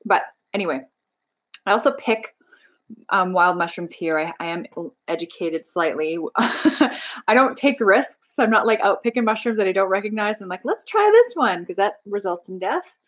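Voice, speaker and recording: A young Canadian woman with a medium-pitched, fairly bright voice speaks at a normal speed on a rough recording. Hosting a livestream, she chats casually, bubbly and rambling as she reads viewer comments aloud.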